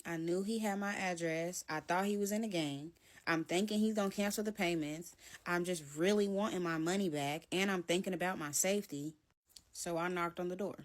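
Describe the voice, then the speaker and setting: A woman's voice: on the low side, normal speed. A woman telling a personal story in casual storytime style, candid and blunt, walking through the events step by step.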